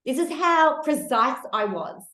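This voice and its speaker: A woman's voice: high voice, a little slow. Chatty woman in an echoey room. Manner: animated, laughs, swears casually. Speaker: podcast host. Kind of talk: candid casual chat.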